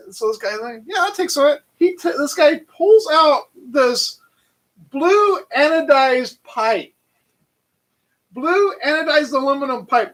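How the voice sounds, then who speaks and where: A man casually telling a long, animated story full of fillers and restarts. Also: very high voice, rough recording. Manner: animated, rambling anecdote with frequent fillers. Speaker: channel host.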